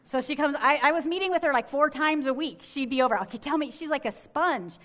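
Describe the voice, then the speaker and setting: A woman's voice: sits high, fairly quick, a bit bright. A middle-aged woman telling a personal faith story in an earnest, conversational way, full of restarts and "like.". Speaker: speaker sharing a faith story.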